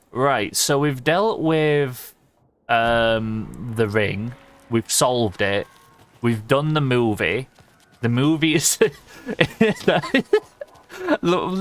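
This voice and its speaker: A young man rambles casually as he streams a game. He swears freely and laughs often, and his voice sits at an ordinary pitch for a man. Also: a bit bright. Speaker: livestreamer. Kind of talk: casual gaming stream chatter.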